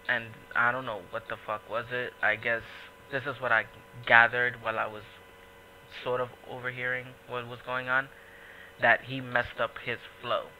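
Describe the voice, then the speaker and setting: Bright-voiced New man telling stories. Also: mid-range voice, slight background noise, poor audio. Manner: profane, animated storytelling with voiced quotes. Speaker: podcast host. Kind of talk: casual podcast chat.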